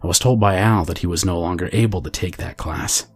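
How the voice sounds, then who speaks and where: A man reading a viewer's true scary story aloud in a steady, measured storytelling delivery. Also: sits low, slightly rough, soft background music. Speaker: horror story narrator. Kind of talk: scripted narration of a reader's true story.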